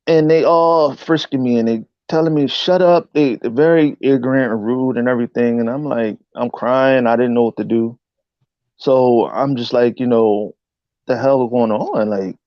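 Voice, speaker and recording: A man telling a personal story as an interview guest in casual speech, animated and often saying "you know what I'm saying". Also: mid-range voice, no echo, highs cut off. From United States. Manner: acts out voices in quotes.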